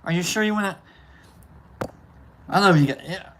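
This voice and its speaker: A livestream host chats casually and reads out viewer names, rambling and halting with plenty of fillers and restarts. The voice is medium-pitched and a bit bright.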